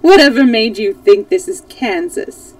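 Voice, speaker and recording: A woman voicing a gracious, jovial male fox king who speaks in a courtly, flattering manner. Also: fairly high pitch, normal speed, far from the mic, poor audio.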